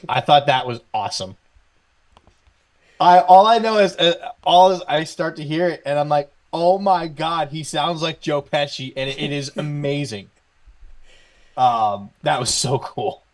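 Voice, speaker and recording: A man co-hosting a sports talk show, chatting casually with excitable praise and lots of fillers. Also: a little high, a little slow. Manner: excitable, gushing, with many fillers. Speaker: co-host. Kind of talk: casual chat.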